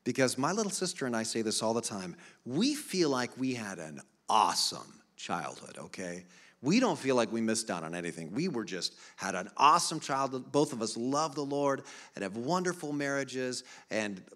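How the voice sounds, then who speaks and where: A middle-aged man preaching a sermon, moving between soft, low storytelling and loud, emphatic appeals. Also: sing-song, normal speed. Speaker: pastor.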